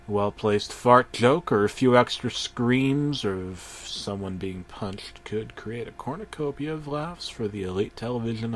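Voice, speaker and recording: A man narrating a parody horror story in a deadpan voice, breaking into sudden shouted outbursts and swearing. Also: mid-range voice.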